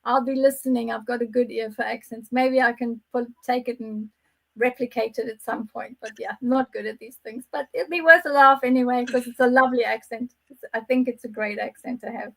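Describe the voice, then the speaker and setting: A woman with a high voice chatting as an interview guest. She is talkative and self-deprecating and breaks into laughs readily. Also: steady tone, fairly quick, creaky, fairly bright tone. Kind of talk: casual interview chat.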